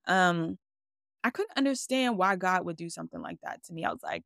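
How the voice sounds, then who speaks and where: A woman's voice: fairly low pitch, lively intonation, brisk, creaky, a bit bright, no echo, clean studio sound. A woman hosting a faith podcast, speaking casually and expressively and acting out her own quoted words. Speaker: podcast host.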